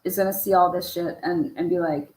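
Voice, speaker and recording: Over footage from a case, a woman delivers laid-back true crime commentary, cursing freely and firing off pointed rhetorical questions. Her voice sits fairly low and steady, a touch quick and a little mellow. The recording is reverberant and low in quality.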